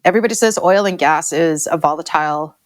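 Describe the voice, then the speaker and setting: A woman's voice: deep voice, quick pace, no echo, studio quality. Candid Canadian woman in her forties. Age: 40s. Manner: emotional, open, repeats herself. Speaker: guest farmer. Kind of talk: candid interview talk.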